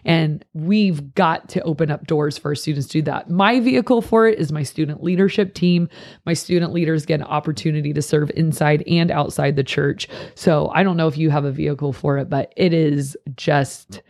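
Passionate youth pastor talking fast. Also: mid-range voice. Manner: passionate, animated, quick to act out quotes. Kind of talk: casual podcast chat.

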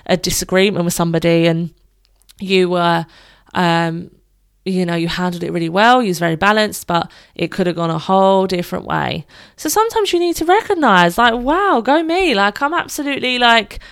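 Gravelly, low-voiced woman podcaster. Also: no room sound, clean studio sound. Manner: earnest, encouraging, with rhetorical questions. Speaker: podcast host. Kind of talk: solo motivational podcast talk.

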